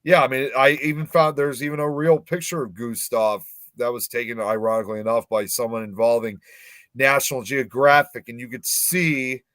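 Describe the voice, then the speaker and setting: A man's voice: medium pitch, steady tone, moderate pace, a bit bright, no echo. Man chatting casually on a podcast. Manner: rambling, stumbles on names, reads notes aloud. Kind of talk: casual horror podcast chat.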